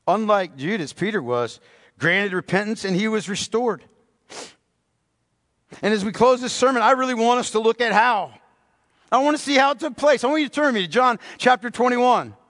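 A pastor preaches with fervent repetition, his voice pitched notably high. He presses each point home and calls out to his listeners. The sound rings with the long reverb of a church sanctuary. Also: a bit bright. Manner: impassioned, repetitive preaching, calls congregation "beloved". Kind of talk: sermon.

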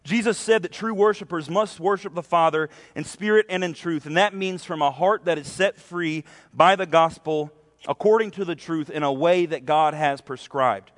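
Young man, preacher, earnest sermon, slightly high voice, long church reverb. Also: normal speed. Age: young adult. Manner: earnest, nervous first-time preacher with frequent "right?" tags. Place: church sanctuary.

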